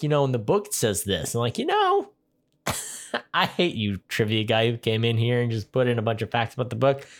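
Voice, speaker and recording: A young man co-hosting a podcast, reviewing a movie in a rambling, sarcastic, casual chat. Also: medium pitch. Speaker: podcast co-host.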